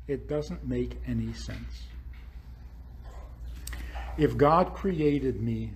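A man's voice: medium pitch, drawn-out words, a little hiss or hum. A man hosting a podcast, giving a spiritual talk full of rhetorical questions. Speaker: podcast host.

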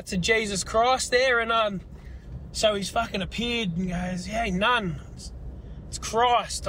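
Crude Australian caller telling a joke. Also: male voice, high voice, a bit bright, a little hiss or hum. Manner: crude, rambling storyteller.

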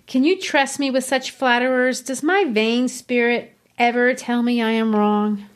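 A woman reading the part of a spirited young gentlewoman from a novel, in a poised, earnest manner. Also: a little high, a little slow, lightly acted. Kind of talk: reading a novel's dialogue aloud.

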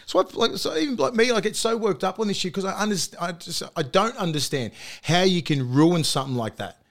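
A man's voice: high voice, brisk, a bit bright. A man with an Australian accent, co-hosting a casual podcast chat and ranting heatedly with plenty of swearing. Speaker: co-host.

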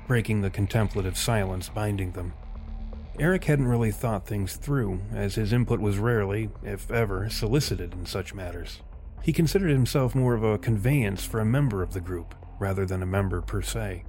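A man with a fairly low voice reads literary fiction at a measured pace. Soft music sits under the narration.

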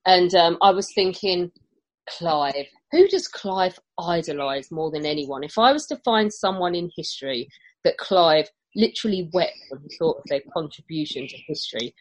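A woman hosting a group chat, lively and teasing, often laughing. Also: on the low side, moderate pace, poor audio. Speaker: host. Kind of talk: casual chat.

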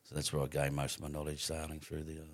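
A man's voice: a bass voice, completely flat delivery, quick pace, no room sound. A middle-aged Australian man telling stories on a podcast as a guest, swearing freely and rambling with restarts. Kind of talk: casual storytelling.

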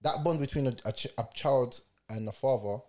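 Animated man telling stories. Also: mid-range voice, brisk. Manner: animated street slang, acts out scenes. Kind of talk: casual chat, storytelling.

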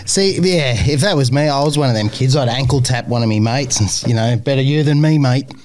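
A man's voice: mid-range voice, a little fast, slight background noise. A man with an Australian accent hosting a casual interview, joking and giving short agreements. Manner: laid-back, jokey, brief agreements. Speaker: podcast host. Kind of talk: casual chat.

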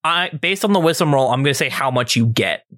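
A man's voice: mid-range voice, expressive, a little fast, fairly bright tone, no room sound, clean studio sound. A man running a tabletop game as game master, casual, laughing often and swearing.

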